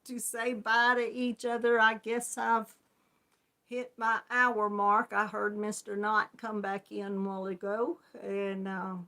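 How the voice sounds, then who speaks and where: Country georgia lady chatting on her livestream, slow drawl, friendly, laughs a lot, calls out viewers by name. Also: mid-range voice, little pitch movement, bright, forceful tone. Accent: country Southern US, Georgia. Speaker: host of a live crochet chat stream. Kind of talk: casual livestream chat with viewers.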